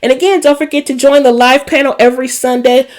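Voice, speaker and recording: A woman with a high voice and quick pace hosts a casual TV episode recap. She's chatty and animated, speaking with a Black lilt and dropping emotional asides.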